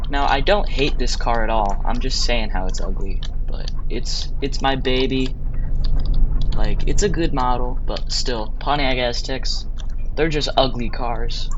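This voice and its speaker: A man's voice: medium pitch, background noise. A man giving casual, rambling commentary on a video game, offhand and dryly mocking. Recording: dull lo-fi mic with keyboard clatter.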